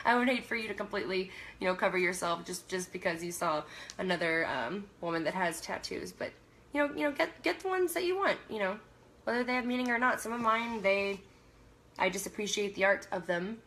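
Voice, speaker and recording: A woman's voice: mid-range voice, moderate pace, fairly bright tone. Chatty young woman on a livestream. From Canada. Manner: chatty, laughs often, trails off and restarts sentences. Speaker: livestream host. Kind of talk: casual live chat reading viewer comments.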